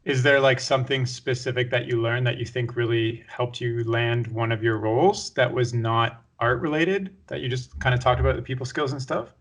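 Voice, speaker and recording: A man's voice: mid-range voice, fairly even intonation, normal speed, hardly any pauses. A man hosting a podcast, asking short, conversational questions. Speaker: podcast host. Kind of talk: casual interview.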